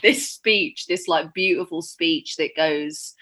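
A woman's voice: low-pitched, slow, bright, forceful tone. A young woman talking as an actress guest in a casual interview, chatty and emotional, over a video call. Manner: chatty, emotional, laughs through tears.

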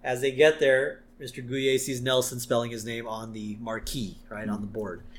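A man's voice: medium pitch, flat delivery, normal speed. A man co-hosting a podcast, chatting casually as he retells a cartoon episode and acts out its lines. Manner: acts out quoted lines in raised voices. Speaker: podcast co-host. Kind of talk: casual chat recapping an episode.

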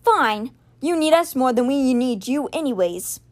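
A woman's voice: high voice, lively intonation, measured pace. A woman voicing an angry, defiant young male wizard confronting his brother, bitter and heated.

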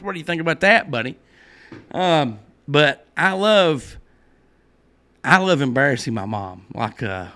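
A man's voice: a little high, fairly bright tone. A middle-aged man hosting a casual podcast, telling rambling stories and laughing at his own jokes. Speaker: podcast host. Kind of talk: casual chat.

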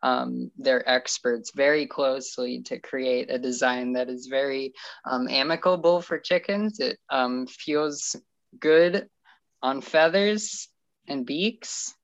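A woman's voice: very deep voice, takes it slowly, muffled recording. A woman co-hosting a casual chat, hesitant and full of fillers and restarts. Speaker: podcast co-host.

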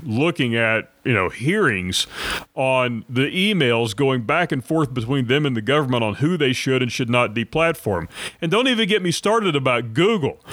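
Indignant slow-talking male commentator, dry sound. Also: on the high side, fairly bright tone, no room sound. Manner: indignant, repeats for emphasis. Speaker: political commentary host. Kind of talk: monologue commentary.

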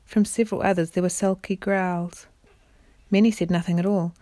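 A parent reading a children's storybook aloud in a steady narrating voice, with small stumbles and the odd throat-clear. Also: female voice, on the low side, moderate pace, no room sound.

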